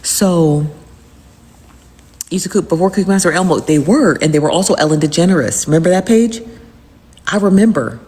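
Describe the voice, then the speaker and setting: Woman host, lowish voice, rambling casual recap, long reverb on the recording. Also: animated, a little fast, pauses often, darkish tone. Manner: rambling and repetitive, with frequent fillers. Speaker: host recapping live-stream drama. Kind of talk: casual chat.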